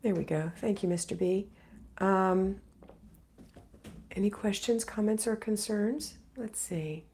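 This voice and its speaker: Her medium-pitched voice is creaky and mellow, and she speaks slowly with frequent pauses over faint background noise. She's a middle-aged homemaking livestream host just getting over being sick, reading out viewer comments and answering them with motherly encouragement.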